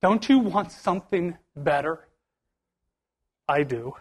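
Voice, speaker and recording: A man's voice: on the high side, animated, slow pace, breathy edge. A male pastor preaching a sermon to his church, building to emphatic bursts with much repetition.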